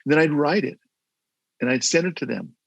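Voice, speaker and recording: A man's voice: fairly high pitch, fairly quick, gravelly, no echo. An older man and former mayor, a guest telling stories in a casual interview, earnest and rambling with many restarts, heard over a video call.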